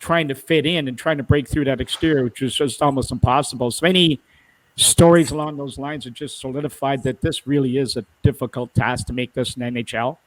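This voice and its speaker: A man's voice: medium pitch, fairly even intonation, a little fast, low-quality recording. A male podcast host asking a guest questions with long, rambling setups. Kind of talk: casual interview questions.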